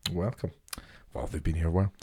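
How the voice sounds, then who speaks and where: A man's voice: sits low, steady tone, fast talker, a little mellow, slightly rough. A man co-hosting a podcast, chatting casually in a jokey, teasing, sweary way. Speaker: podcast co-host. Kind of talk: casual chat.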